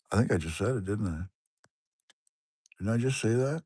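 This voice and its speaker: A man's voice: fairly low pitch, expressive, normal speed, pauses often, darkish tone, slightly rough, no echo, studio quality. An older man from Washington State, rambling and chuckling as he chats with viewers on his livestream. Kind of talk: rambling casual livestream chat.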